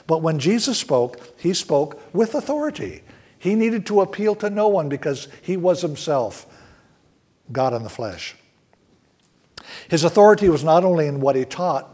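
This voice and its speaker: A man's voice: fairly high pitch, darkish tone. A male pastor preaching a sermon to a congregation in a church, with earnest, emphatic rises on key words. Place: church sanctuary.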